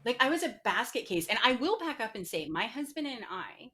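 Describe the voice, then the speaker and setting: A woman's voice: a little high, sing-song, fairly quick, pushed and bright. A middle-aged woman, a podcast guest, candidly telling a personal story with many "like" fillers. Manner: frequent "like" fillers, emotional retelling.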